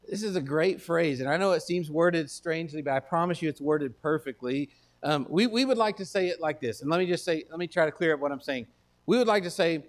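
A pastor from Texas, speaking with a Texan accent in a slightly high, fairly quick voice, preaches a sermon. His folksy, conversational style swells into emphatic declarations.

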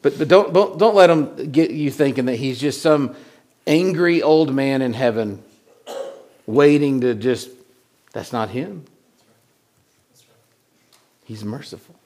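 A man preaching a sermon in a conversational way, often repeating words and swinging from loud lines to hushed ones. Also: medium pitch, takes it slowly, pauses often. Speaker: pastor.

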